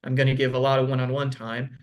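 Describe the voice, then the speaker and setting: A man's voice: medium pitch, monotone, fast talker. A man speaking over a video call as a guest consultant. He talks loosely and conversationally, with plenty of "like" and "um" as he explains things. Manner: conversational, frequent "like" and "um". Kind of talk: casual video call chat.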